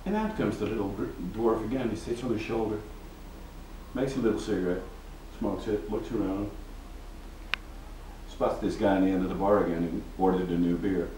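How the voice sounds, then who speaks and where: A man telling a joke as a lively story, raising his voice for quoted lines. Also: lowish voice, moderate pace, recorded from a distance, a little hiss or hum. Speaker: joke teller. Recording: roomy, from off mic, faint ambience.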